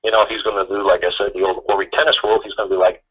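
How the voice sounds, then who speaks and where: A man's voice: on the low side, little pitch movement, rapid-fire, few pauses, slightly rough, lo-fi sound. A man hosting a casual talk radio show, rambling and laughing as he acts out what others might say.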